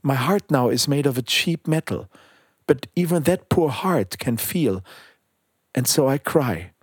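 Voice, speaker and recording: A man's voice: mid-range voice, expressive, unhurried, slightly rough, dry recording, studio quality. A man playing a sorrowful golden statue prince.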